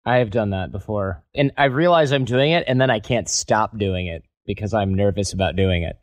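A man's voice: fairly low pitch, brisk, no room sound. A man hosting an interview, chiming in with brief agreement and his own experience. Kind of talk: podcast interview.

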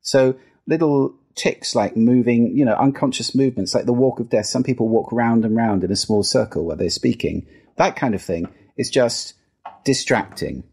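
A man's voice: normal speed, a little mellow, slightly rough. A middle-aged man from the UK, a guest on an interview show, explaining voice and listening with demonstrations. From United Kingdom. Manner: demonstrative, plays with pitch and register while explaining. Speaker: guest, sound and listening expert. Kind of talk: podcast interview.

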